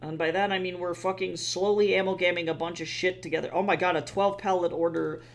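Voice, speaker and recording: A livestreamer rambles through casual chat, swearing freely and sounding tired from too little sleep. The voice sits at medium pitch with a steady tone, a slightly quick pace, and some creakiness.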